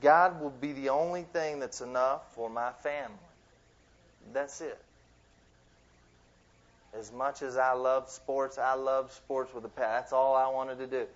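A man giving a sermon as a youth minister, in lively, conversational preaching with asides. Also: mid-range voice, unhurried, long pauses. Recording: dull lo-fi sound.

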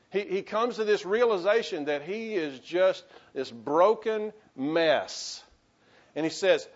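A man's voice: sits high, expressive, normal speed, highs cut off. A man, a pastor delivering an impassioned sermon full of restarts and calls to the congregation. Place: church sanctuary.

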